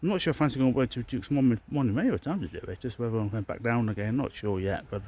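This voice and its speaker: A man's voice: medium pitch, fast, dark tone, muffled recording. A man rambling through a walking vlog outdoors in a hilly park, correcting himself often and out of breath from the climb. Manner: rambling, self-correcting, chatty. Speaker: vlogger.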